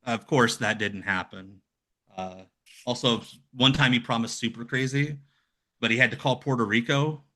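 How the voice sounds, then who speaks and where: A man chatting casually as a podcast guest, rambling and slipping into lively impressions of other people. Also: mid-range voice, moderate pace. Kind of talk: casual chat.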